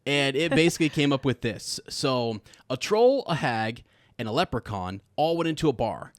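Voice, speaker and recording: A man's voice: mid-range voice, animated, moderate pace, no echo, clean studio sound. A man co-hosting a casual podcast chat, reading jokes aloud, laughing often and stumbling over words. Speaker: podcast co-host.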